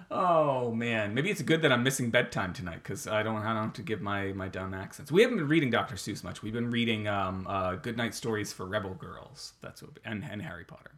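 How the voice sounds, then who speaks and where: A man's voice: fairly low pitch, expressive, fairly quick, fairly bright tone. A man and father, co-hosting a casual podcast chat and rambling with many fillers and restarts. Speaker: podcast co-host.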